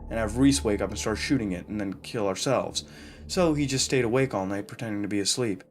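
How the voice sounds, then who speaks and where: A man reading a first-person horror story aloud in a casual, profane way, with fillers and restarts. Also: mid-range voice. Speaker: narrator. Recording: narration over music.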